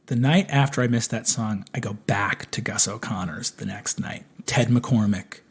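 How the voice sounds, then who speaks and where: A man telling a comic anecdote with animated swearing. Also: on the low side, moderate pace, slightly rough. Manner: animated, swears freely, acts out voices. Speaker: storyteller.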